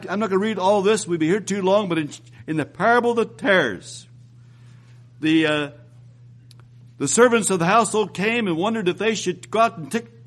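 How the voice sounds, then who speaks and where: High-voiced preacher rising for emphasis. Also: male voice, fairly bright tone. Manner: reads scripture aloud, rises and slows for emphasis; repeats phrases for emphasis. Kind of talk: sermon.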